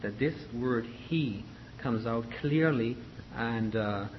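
A man coaches a choir through rehearsal in a patient, instructive way, often pausing mid-phrase to find his words. The recording is dull and lo-fi, with a faint hiss underneath. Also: medium pitch. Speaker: choir director.

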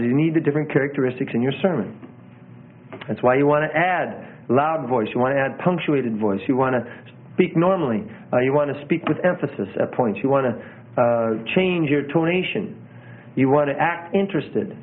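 An earnest man coaching preachers on delivery, his fairly high voice stressing words and pausing for effect. The sound is thin and tinny, like it's coming over a phone line. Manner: earnest, demonstrates emphasis and pauses with his own voice. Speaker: preaching instructor. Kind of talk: teaching talk on preaching.

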